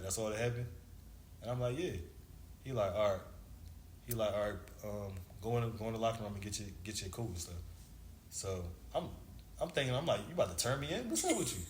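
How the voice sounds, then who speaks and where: A man in his thirties, a former basketball player, telling a long story in a casual, slangy way and acting out the dialogue. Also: on the low side. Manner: laid-back slangy storyteller, acts out dialogue. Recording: echoey room with faint background noise.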